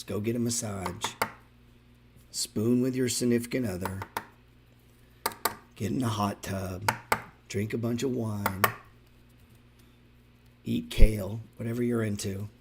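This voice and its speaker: A man's voice: mid-range voice, background noise. A man hosting a stock trading show, giving loose, profane live market commentary and talking straight to his viewers. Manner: excitable, profane, talks to viewers directly.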